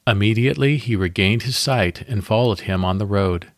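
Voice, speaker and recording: A man hosting a devotional podcast, reading a guided Bible meditation in a calm, measured way with pauses. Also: on the low side, no echo, studio quality.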